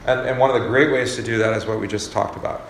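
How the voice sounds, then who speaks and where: A man's voice: medium pitch, fairly even intonation, quick pace, creaky. A man, a pastor, leading a casual Bible study, talking conversationally and often asking the group questions. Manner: conversational, asks the group questions, many fillers. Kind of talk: casual teaching talk. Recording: roomy echo, faint background noise.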